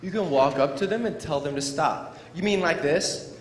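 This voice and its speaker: Motivational speaker, male, playful and high-voiced, heard in a reverberant hall. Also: normal speed. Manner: playful, acts out scenes for children. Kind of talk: animated school assembly talk. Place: school gym or auditorium. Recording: echoey hall, faint crowd noise.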